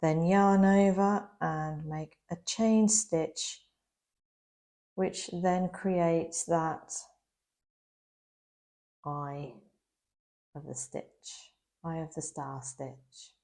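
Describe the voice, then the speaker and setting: A woman's voice: low-pitched, dark tone. A woman giving a patient step-by-step crochet lesson, her voice slightly worn as she is losing it a bit. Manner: slow, patient, instructional. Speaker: crochet instructor. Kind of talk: step-by-step craft tutorial.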